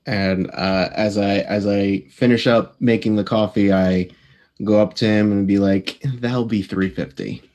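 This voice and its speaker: Slow, halting man playing a tabletop game. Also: on the low side, flat delivery, a little mellow. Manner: halting, with many fillers. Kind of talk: narrating his character's actions.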